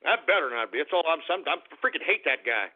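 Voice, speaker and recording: A man hosting a talk radio show who rants in a mocking, profane way as he reads out listener shout-outs. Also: on the high side, very animated, fast. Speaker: radio host. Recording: tinny phone-line radio sound.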